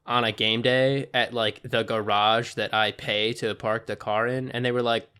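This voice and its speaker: A young man co-hosting a podcast in casual chat, animated and swearing often as he tells stories. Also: medium pitch, clean tone. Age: young adult. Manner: animated, swears a lot, quick storytelling. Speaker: podcast co-host.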